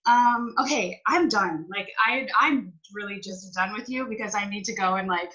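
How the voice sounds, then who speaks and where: Woman, host, bubbly, gushing, bright forceful voice. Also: medium pitch, normal speed, highs cut off. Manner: bubbly and gushing, with lots of fillers. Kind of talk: live-stream interview.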